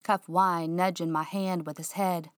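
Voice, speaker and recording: A woman narrating a first-person mystery audiobook in a hushed, suspenseful, drawling way. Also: lowish voice, fairly even intonation, measured pace, no room sound, clean studio sound.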